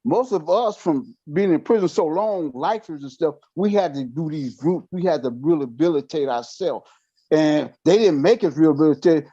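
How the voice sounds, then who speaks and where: A man with a mellow, slightly raised voice speaks earnestly in a support group. He reflects on his own past. The call audio is dull and muffled. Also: a little high, animated, moderate pace. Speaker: group participant. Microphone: video call.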